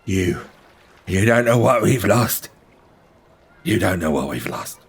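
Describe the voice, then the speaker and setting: A man's voice: low voice, expressive, slow pace, breathy edge, heavily acted. A man voicing a weathered old peasant who calls out in bitter desperation. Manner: pleading, bitter.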